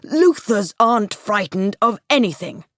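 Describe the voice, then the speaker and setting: A woman's voice: mid-range voice, animated, measured pace, no echo, clean studio sound, natural voice. A woman reading as a stern rich businessman. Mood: commanding. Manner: commanding, loud orders.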